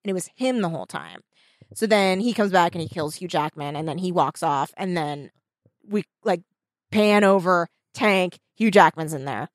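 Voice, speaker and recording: Chatting casually with friends, a woman spins a long, animated, meandering story, peppering it with "like" and swearing freely. Her voice is on the low side at a normal speed, recorded close and dry with no room sound at all.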